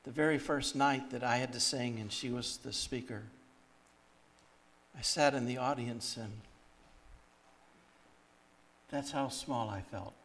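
A man's voice: mid-range voice, a little slow, long pauses, fairly bright tone. A man who sings and speaks at church events, telling stories in a sermon and delivering them reflectively. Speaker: guest speaker and singer. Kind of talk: sermon storytelling.

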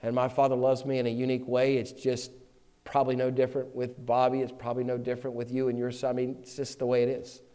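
A man preaching a sermon, moving between loud, emphatic passages and quiet, close asides. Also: mid-range voice, completely flat delivery, quick pace, clean tone. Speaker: pastor. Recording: long hall reverb.

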